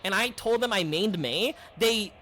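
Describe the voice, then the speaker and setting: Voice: mid-range voice, expressive, unhurried, a bit bright, slight background noise. A game streamer chatting casually between play, rambling and laid-back, with plenty of fillers. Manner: rambling, laid-back, says dude and like a lot. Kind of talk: casual gameplay stream chat.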